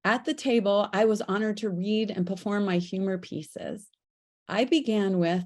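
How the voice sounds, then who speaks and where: Older woman, storyteller, upbeat delighted reading, clear stage delivery. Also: medium pitch, moderate pace, a little mellow. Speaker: storyteller, former radio host. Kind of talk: reading a personal story aloud.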